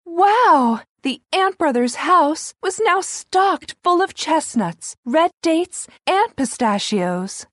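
A woman's voice: sits high, lively intonation, takes it slowly, few pauses, fairly bright tone, no echo, clean studio sound. Woman narrating a children's story.

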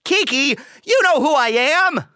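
An excitable, food-loving cartoon puppy. Her high voice swoops all over the place, with barks dropped between words. The tone is bright and slowly paced, and the sound is dry and close. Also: dry recording, full character voice. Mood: insistent. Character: playful, excitable cartoon puppy, greedy foodie. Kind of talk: children's cartoon voice acting.

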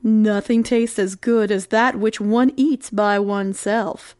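A greedy, scheming storybook cat talks in a lowered, cool and smooth voice, as a woman narrator puts her on. The recording is dry and close. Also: fairly even intonation, slow pace, darkish tone, no echo, close to an everyday voice. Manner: low, cool and smooth-talking.

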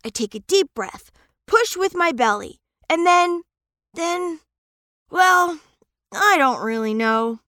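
A woman's voice: very high voice, animated, slow pace, long pauses, pushed and bright, no echo, studio quality, exaggerated voice. A woman voicing a timid young male dragon who cannot breathe fire, stammering and hesitant in a children's storybook. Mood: unsure.

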